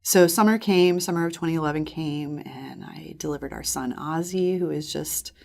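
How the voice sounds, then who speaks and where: Low, gravelly-voiced woman sharing testimony. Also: normal speed, darkish tone. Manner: earnest, reflective storytelling. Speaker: podcast guest. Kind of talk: personal testimony in conversation.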